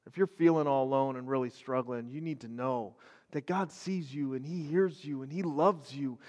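A man's voice: mid-range voice, moderate pace, a little mellow, in a large hall. A middle-aged man giving a casual, earnest sermon, talking in a conversational way with many fillers and restarts. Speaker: pastor.

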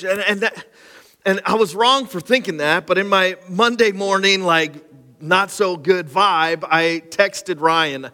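Recorded live in a hall with long reverb and faint background music, a pastor delivers his sermon in a slightly high, sharp voice at an ordinary pace. He talks to his congregation conversationally, poking fun at himself and dropping in casual asides.

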